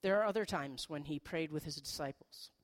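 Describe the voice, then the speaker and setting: A middle-aged woman pastor giving a sermon in a conversational, animated way, with playful asides. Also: deep voice, a little fast.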